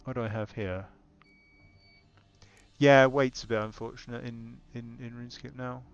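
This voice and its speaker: A man's voice: mid-range voice, steady tone, normal speed, clean tone, lo-fi sound. A young man casually commenting as he plays a video game, thinking aloud with exasperated asides. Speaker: gamer. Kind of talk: casual let's-play commentary.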